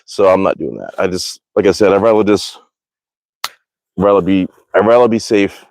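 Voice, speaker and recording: Rambling, profane man with a lowish voice. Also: moderate pace, gravelly, a little mellow, a little hiss or hum. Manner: rambling, profane, self-correcting. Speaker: archery live-streamer. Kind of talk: casual live-stream chat. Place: backyard outdoors.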